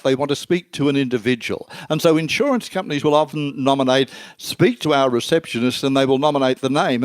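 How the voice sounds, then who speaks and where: A man's voice: fairly high pitch, dry recording. An older man, a marketing expert answering interview questions in an emphatic way that builds long lists of terms.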